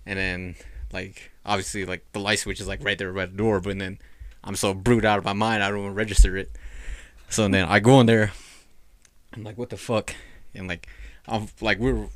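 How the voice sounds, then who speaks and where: Young guy, lowish voice, loose profane storyteller, dry close mic. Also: steady tone, fairly quick, dry recording. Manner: rambling, profane, lots of "like". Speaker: podcast host telling a ghost story. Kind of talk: casual storytelling.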